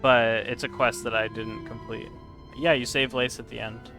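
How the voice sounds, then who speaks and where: A man's voice: mid-range voice, flat delivery, moderate pace, vocal fry, sharp tone, soft background music. A man chatting casually while live-streaming a game, answering chat and laughing often.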